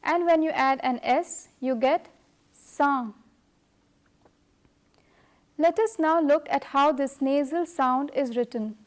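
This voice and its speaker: Middle-aged female language teacher, high voice, deliberate unhurried delivery. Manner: slow, careful, measured delivery. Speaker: French teacher. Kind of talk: scripted language lesson.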